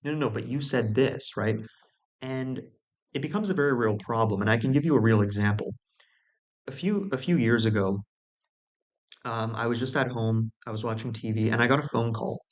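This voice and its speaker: A man's voice: medium pitch, moderate pace, long pauses. A man explaining communication in a casual, conversational way, often restarting phrases and checking in with listeners. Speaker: video host.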